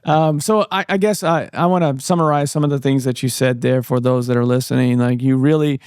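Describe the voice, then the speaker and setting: A man in the host's chair with a voice of middle pitch. He sums up his guest's points in a measured, unhurried way and pauses on fillers. The recording is dry and close. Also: steady tone, a little mellow, clean tone, no echo. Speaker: podcast host. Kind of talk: interview hosting.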